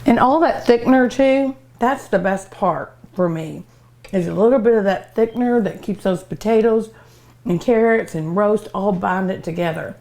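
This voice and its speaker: A woman's voice: mid-range voice, normal speed, gravelly, darkish tone, slight background noise. A middle-aged woman hosting a cooking show, chatting casually and humming with pleasure as she tastes her food. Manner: savoring food aloud with many hums. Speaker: cooking show host and restaurant owner.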